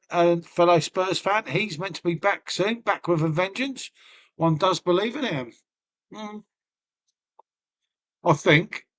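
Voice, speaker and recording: A middle-aged man talks loosely to his live-stream viewers, rambling from one thing to the next. He swears freely and laughs often, in a voice that sits fairly high for a man. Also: fairly bright tone. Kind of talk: casual chat to a live stream.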